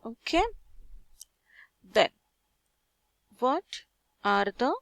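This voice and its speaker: A woman's voice: on the high side, expressive, drawn-out words, creaky, fairly bright tone, dry recording, clean studio sound. A woman with an Indian accent, teaching a French lesson patiently in English, asking viewers questions and reading French terms aloud. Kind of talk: slow step-by-step lesson.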